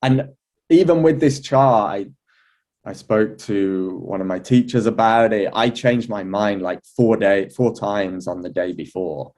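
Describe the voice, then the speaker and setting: Mellow, chatty man telling a story. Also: on the low side, a little slow. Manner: chatty storytelling with frequent fillers and restarts; laughs now and then. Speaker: astrology teacher. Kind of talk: relaxed anecdotal talk.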